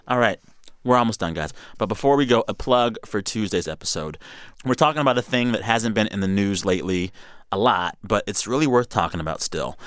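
A man hosting a podcast, chatting through the week's news in a playful, animated way and laughing easily. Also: sits low, clean tone, no room sound, clean studio sound. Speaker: podcast host. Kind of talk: casual news roundup chat.

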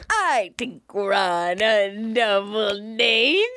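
A woman co-hosting a comedy podcast, giggly and emphatic, hoarse from laughing. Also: mid-range voice, lively intonation, extremely slow, sharp tone, no room sound. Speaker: podcast co-host. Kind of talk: casual chat.

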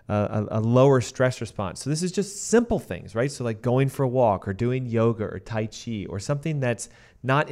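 A man co-hosting a health podcast as a doctor, explaining at length in a steady, teaching manner. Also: medium pitch.

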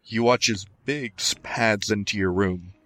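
A man with a lowish voice narrating as game master, describing scenes in a halting, descriptive way full of fillers. The sound is close and dry, with no room echo. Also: bright, forceful tone.

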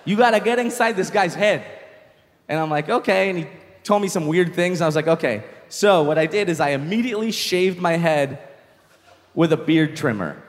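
High-voiced man telling a stand-up story. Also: normal speed, big-room sound. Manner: animated, swears freely, acts out shouts. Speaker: stand-up comedian.

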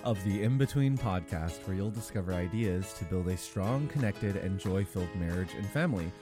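A man co-hosting a podcast, talking in a playful, animated way. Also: sits low, normal speed, over music. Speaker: podcast co-host. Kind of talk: casual podcast chat.

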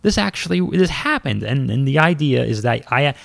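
A man, a former pro wrestler, telling a story in a casual, lively and self-mocking way, with some swearing. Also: mid-range voice, moderate pace, vocal fry, no echo, clean studio sound.

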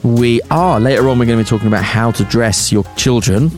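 A man's voice: medium pitch, a little mellow, faint music behind. A man co-hosting a casual parenting chat show, joking around and reading out a listener's letter. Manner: jokey, playful, quick banter. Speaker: podcast co-host; father.

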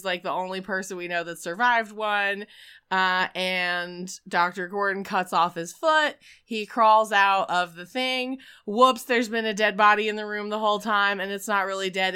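Woman, podcast host, casual chat, animated storytelling, very bright tone, crystal-clear voice. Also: medium pitch. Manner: animated storytelling, acts out scenes with shouts. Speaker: podcast host recapping films.

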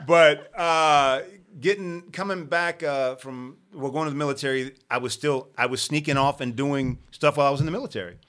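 Bright-voiced man telling a lively story. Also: a little high, moderate pace, few pauses. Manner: animated storyteller, acts out quoted voices. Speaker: podcast guest. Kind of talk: storytelling in casual chat.

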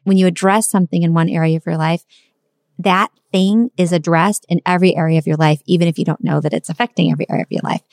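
A woman's voice: lowish voice, fairly even intonation, fast talker, darkish tone, no echo, studio quality. A woman hosting a podcast, speaking earnestly and repeating her points for emphasis. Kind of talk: casual conversation.

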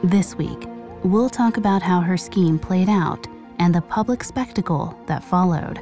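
A woman hosting a podcast, reading a scripted true-crime story in a measured, grave way. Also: lowish voice, music in the background. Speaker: podcast host and narrator.

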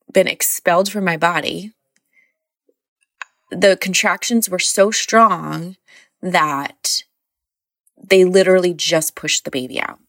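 Gravelly low-voiced woman telling a story. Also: a bit bright, no room sound, studio quality. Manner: rambling, heavy use of "like". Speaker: mother recounting a birth. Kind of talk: casual personal storytelling.

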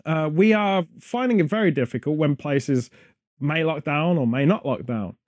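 A man's voice: on the high side, lively intonation, moderate pace, dry recording. A British man hosting a podcast, rambling through casual chat full of wry, absurd jokes. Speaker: podcast host.

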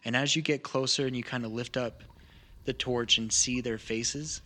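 A male game master narrates a tabletop game in a casual, descriptive way, leaning on fillers. His voice is bright at a middle pitch. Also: fairly even intonation, moderate pace.

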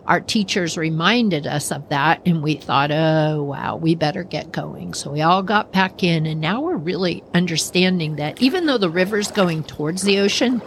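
A woman's voice: medium pitch, a little hiss or hum. A woman hosting a podcast, telling a personal story with lots of acted-out quotes.

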